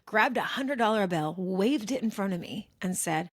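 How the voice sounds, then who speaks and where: A woman co-hosting a podcast, animated as she tells a story and acts out the people in it. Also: medium pitch, moderate pace, few pauses, no echo, clean studio sound. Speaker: podcast co-host. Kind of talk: casual chat.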